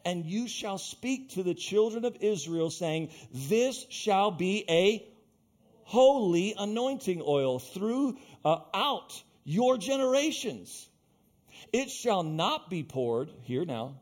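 A man preaching a sermon as pastor, emphatic and animated, breaking off to speak straight to his congregation. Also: on the high side, moderate pace.

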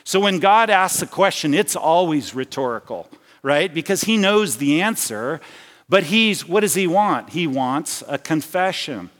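A man's voice: on the high side, lively intonation, a little slow, fairly bright tone, long reverb tail. A man preaching a sermon as pastor, talking conversationally and often restarting his phrases. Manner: conversational, with repeated restarts and personal anecdotes. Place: church sanctuary.

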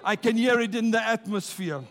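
A man preaches in a church with a notably high voice. He rallies the congregation with call-and-response and stretches out his key words. His delivery is rousing and emphatic. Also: moderate pace, fairly bright tone. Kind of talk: sermon.

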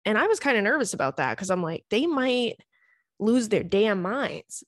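A woman's voice: medium pitch, sing-song, normal speed, dry recording. A young woman hosts a casual podcast, chatty and loose, dropping swear words as she tells funny stories about her week. Her voice sits in a middle register and is recorded dry and close. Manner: chatty, swears freely, laughs through stories. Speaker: podcast host. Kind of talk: casual chat.

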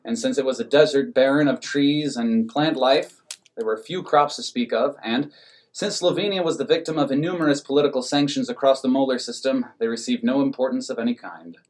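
A man narrating an absurd comic story in a deadpan, matter-of-fact way. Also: mid-range voice, brisk.

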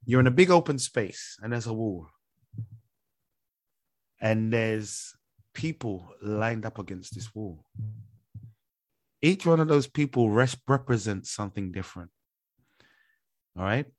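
A man's voice: fairly low pitch, lively intonation, a little slow, pauses often. Playful teasing man podcast co-host. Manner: playful teasing, poses questions with a setup. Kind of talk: casual podcast chat.

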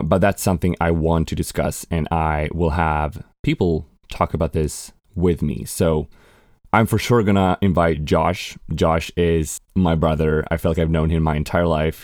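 A man's voice: rumbling low, level tone, moderate pace, a little mellow, no room sound, clean studio sound. A man in his twenties from Sweden with a learned American accent, hosting a casual solo podcast, chatty and candid, swearing casually and laughing at himself. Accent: American English learned by a Swedish speaker. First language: Swedish. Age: 20s. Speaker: podcast host.

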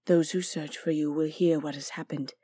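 A hostile bodiless entity speaks in a hushed, threatening whisper, voiced by a woman. The voice sits low and is recorded close and dry. It sounds like an audiobook reading. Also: steady tone, moderate pace, slightly rough, dry recording. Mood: menacing. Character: cold hostile bodiless entity, ancient and menacing.

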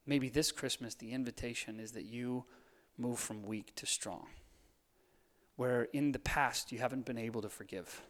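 Man, sermon, hushed then rousing, playful, mid pitch, long reverb of a large hall. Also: steady tone, normal speed. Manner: swings between soft hushed lines and fired-up urging; playful, laughs at his own jokes. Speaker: pastor.

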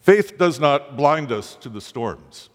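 A man's voice: very animated, takes it slowly. Male preacher, dramatic sermon delivery, voice climbing on pleas; long reverb of a big church hall. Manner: dramatic, rising pitch on quoted pleas.

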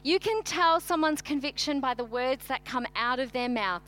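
Brief: high-pitched middle-aged woman pastor, chatty and animated sermon storyteller. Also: moderate pace, few pauses, a little hiss or hum. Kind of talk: sermon with personal stories.

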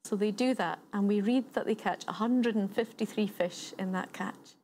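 A woman's voice: mid-range voice, moderate pace, darkish tone, a little hiss or hum. A woman giving a sermon, retelling a story in a conversational way and building points through repetition. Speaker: preacher.

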